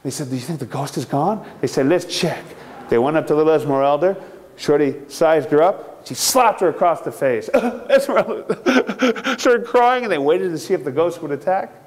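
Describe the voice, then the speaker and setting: A man's voice: fairly high pitch, expressive, normal speed. A man telling a campy horror story with theatrical, gleeful delivery, laughing often. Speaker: ghost story narrator.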